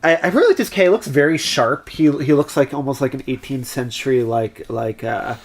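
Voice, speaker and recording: A man's voice: mid-range voice, a little fast. A man co-hosting a band podcast in casual chat, rambling and hedging with many fillers.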